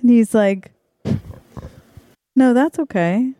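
A woman's voice: fairly high pitch, takes it slowly, warm tone, dry recording. A woman co-host improvises a goofy romance plot, talking in a loose, chatty way full of fillers and giggles. The sound is dry and close, with no room around her voice. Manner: giggly, chatty, lots of likes and ums. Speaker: podcast co-host. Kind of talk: improvised comedy chat.

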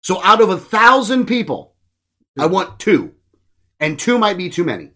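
A man's voice: sits high, normal speed. A man hosting a casual political podcast, talking bluntly and swearing freely as he rants. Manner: blunt, profane, animated ranting. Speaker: podcast host.

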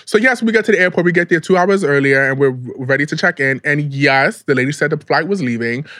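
A man's voice: fairly high pitch, fast talker, sharp tone, no echo, studio quality. A man co-hosting a podcast, sassy and profane, calling people "girl" and "bitch" as he tells his side of a story. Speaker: podcast co-host. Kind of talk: casual chat.

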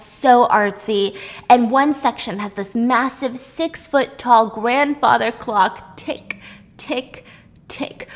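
Brief: chatty woman vlogger, fairly high voice, animated, gossipy recap delivery. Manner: gossipy and animated, acts out lines.

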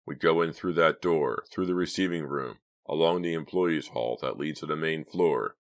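A man's voice: rumbling low, moderate pace, no echo. A man doing an exasperated, bossy teenage boy. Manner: exasperated, curt. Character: impatient, bossy teenage boy planning a robbery.

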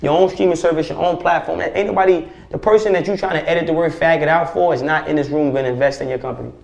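A man speaking as a podcast guest, preaching forcefully with profanity and rhetorical questions. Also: on the high side, steady tone, quick pace, vocal fry. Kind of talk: impassioned podcast conversation. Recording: roomy echo.

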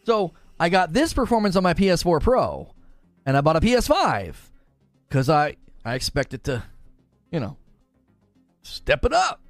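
Young man, gaming streamer, high lively voice, exasperated, faint music behind. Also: no echo. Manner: animated, exasperated, quick retorts. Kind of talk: casual livestream commentary.

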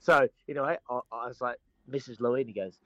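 A man's voice: mid-range voice, fast, dry recording, muffled recording. A man, co-hosting a casual sports chat and telling stories with lots of laughter. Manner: animated storyteller, laughs often. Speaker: co-host, former rugby player. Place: on holiday, joining remotely.

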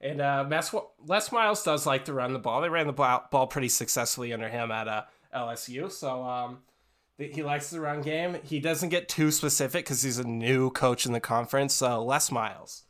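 A man co-hosting a casual sports chat, hesitant at first and quick to join the jokes. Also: mid-range voice, fairly bright tone. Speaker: co-host.

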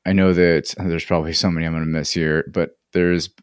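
A man hosting a relaxed podcast chat, easygoing and often repeating his first words. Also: deep voice, a little fast, smooth, no echo, clean studio sound. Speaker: podcast host.

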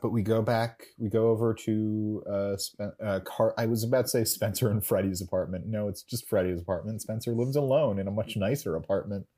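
A man's voice: on the low side, fairly even intonation, brisk, hardly any pauses, dark tone. Wry man recapping an episode. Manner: rambling, self-correcting, wry. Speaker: podcast co-host. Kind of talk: casual recap chat.

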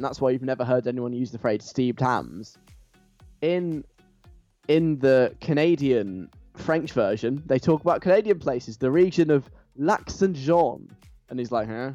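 A chatty man hosts a radio show, talking through his topics with nerdy enthusiasm. His voice sits in a middle pitch. The recording is a little dull and lo-fi. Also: a little mellow. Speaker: radio presenter. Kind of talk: casual radio chat.

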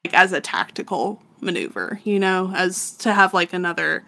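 A woman's voice: on the low side, animated, normal speed, vocal fry, sharp tone. A young woman co-hosting a podcast, chatting casually through a story recap, laughing often and saying "like" a lot. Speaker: podcast co-host.

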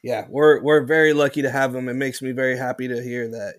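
A man's voice: medium pitch, a little fast. A man who works as a bartender, guest on a podcast, talking casually and enthusiastically, often saying bro and man. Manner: enthusiastic and animated, says bro and man a lot. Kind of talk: casual chat.

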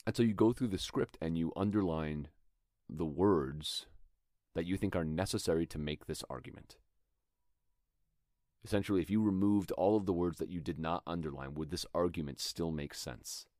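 A man with a very low, deep voice talks through acting technique in a relaxed, thoughtful way. He sounds like a podcast host teaching his listeners, and now and then he reads a line aloud as an example. The sound is dry and close, with no room around it. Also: normal speed, no echo. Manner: thoughtful, conversational, demonstrates lines aloud. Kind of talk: instructional talk.

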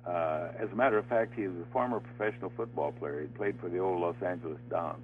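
Older man, former game show host, low voice, halting storyteller, heard over a tinny phone line with faint music. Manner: halting anecdote full of uh fillers, laughing as he tells it. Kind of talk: storytelling in an interview.

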